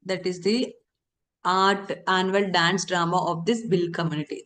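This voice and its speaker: A woman's voice: on the low side, a little hiss or hum. A woman teaching a current affairs lesson for exam candidates, repeating key terms and answering her own questions.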